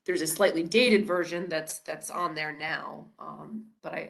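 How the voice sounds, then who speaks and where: A woman with a raspy voice and a stuffy nose from a cold, explaining open meetings rules in an online information session. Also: low voice, fairly even intonation, brisk, hardly any pauses. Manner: procedural, explanatory, with frequent uh and restarts. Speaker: government presenter on open meetings law.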